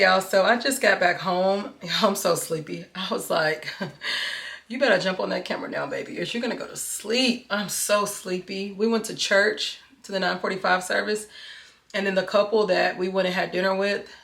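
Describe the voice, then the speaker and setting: Bright-voiced chatty woman vlogger. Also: medium pitch, gravelly, reverberant. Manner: chatty, animated, talks straight to viewers. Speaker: fashion and lifestyle vlogger. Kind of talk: casual chat to camera. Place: home office, indoors.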